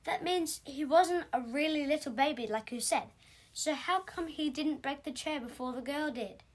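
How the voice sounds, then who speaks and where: A woman's voice: high voice, moderate pace. A woman playing a skeptical listener, questioning and nitpicking every detail of the story.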